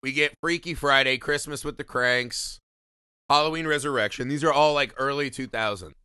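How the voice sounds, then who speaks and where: A man co-hosting a casual film podcast, animated and joking, swearing freely. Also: medium pitch, moderate pace, clean tone, no echo, clean studio sound. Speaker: podcast co-host.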